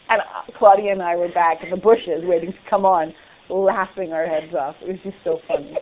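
A woman being interviewed about her acting work, talking in an animated, chatty way with frequent laughter. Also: fairly low pitch, a little fast. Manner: animated, laughs often, restarts. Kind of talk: casual interview chat. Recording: tinny phone-like line with faint hiss.

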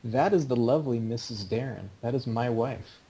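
A man's voice: mid-range voice, moderate pace, warm tone, husky, poor audio. A man hosting a podcast, talking in a chatty, opinionated way. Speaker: podcast host. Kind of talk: casual podcast chat.

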